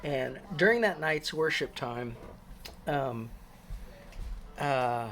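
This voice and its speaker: A man's voice: mid-range voice, animated, very slow, a bit bright, slight background noise. Rambling man telling a faith story. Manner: rambling, many fillers and restarts. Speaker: christian storyteller. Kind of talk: casual personal testimony.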